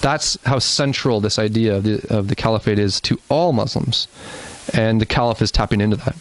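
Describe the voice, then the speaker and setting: A man's voice: lowish voice, a little fast, rough recording. A man giving an earnest presentation in a church, explaining with asides and restarts. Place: church hall.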